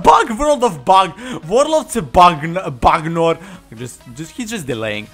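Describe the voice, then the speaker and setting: A man's voice: high-pitched, very animated, a little slow, a bit bright. A man giving boastful, foul-mouthed gameplay commentary, trash-talking opponents and laughing often. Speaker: gamer. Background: faint background music.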